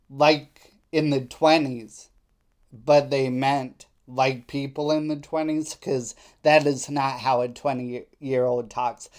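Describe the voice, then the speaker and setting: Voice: medium pitch, a little mellow. A live stream host giving political commentary in a skeptical, indignant way.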